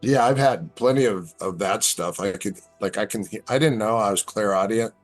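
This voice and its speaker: Brief: middle-aged male guest, low voice, animated storyteller. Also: moderate pace, soft background music. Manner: animated storyteller, acts out quoted lines. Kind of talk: casual storytelling chat.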